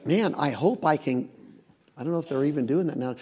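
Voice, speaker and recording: A middle-aged man, a pastor, preaching in a folksy, animated storytelling way with asides. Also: fairly high pitch, brisk, husky. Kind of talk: sermon.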